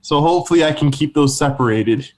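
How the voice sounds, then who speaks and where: A man's voice: a little high, fast talker. A man co-hosting a casual comedy podcast, rambling and laughing through his words. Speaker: podcast co-host.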